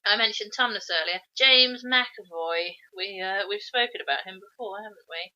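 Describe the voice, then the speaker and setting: Sharp-voiced opinionated woman, lo-fi audio. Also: medium pitch, normal speed. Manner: opinionated, critical. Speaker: podcast co-host. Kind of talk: casual film review chat. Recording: dull lo-fi podcast audio.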